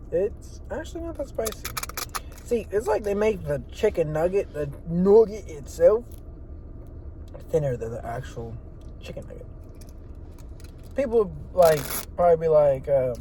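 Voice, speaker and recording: A man's voice: on the high side, big pitch swings, unhurried, pauses often, warm tone, slight background noise. Rambling, profane man in a parked car. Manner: rambling, profane, talks while eating. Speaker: vlogger. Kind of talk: casual rambling monologue. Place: car parked in an empty parking lot.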